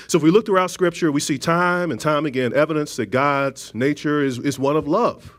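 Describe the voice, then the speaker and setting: A man preaching a conversational sermon, with frequent restarts, asides and gentle jokes to the congregation. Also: a little high, brisk, few pauses.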